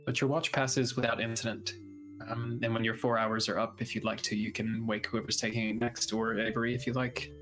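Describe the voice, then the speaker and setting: A man acting as game master, hedging through rules with ums and restarts. He slows into hushed, atmospheric narration, with faint music playing under his voice. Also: lowish voice, completely flat delivery, low-quality recording. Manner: hesitant, rule-checking, then slow atmospheric narration.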